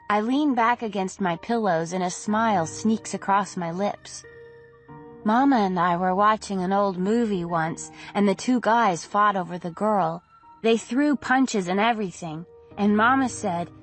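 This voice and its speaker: A woman narrating an audiobook in the first person, gentle and slow. Her pitch sits in the middle of the range. Faint music lies under her reading.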